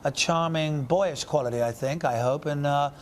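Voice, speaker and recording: A man's voice: fairly high pitch, moderate pace, slight background noise. An English man talking about his acting work in an interview, thoughtful and often searching for his words. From England. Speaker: actor guest. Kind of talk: reflective interview answers.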